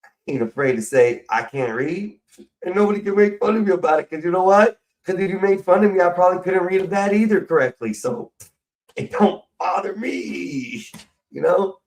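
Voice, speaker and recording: A man's voice: high voice, expressive, fairly quick, darkish tone, recorded from a distance. A middle-aged man, rambling profanely and casually to his livestream audience. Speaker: livestream host.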